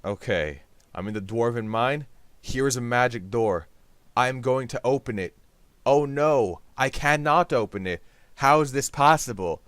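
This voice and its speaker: A smooth, expressive, fairly bright medium-pitched voice, at a measured pace and with no echo, carries this gaming YouTuber's commentary. Playing on his own channel, he rambles comedically, goofy and jokey, with sudden silly-voice bursts.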